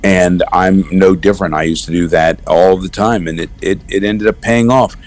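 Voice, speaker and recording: A middle-aged man, a voice actor, chatting as a guest in an interview and telling stories with animated asides. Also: sits low. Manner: animated storyteller, slips into quick character voices. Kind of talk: casual interview chat.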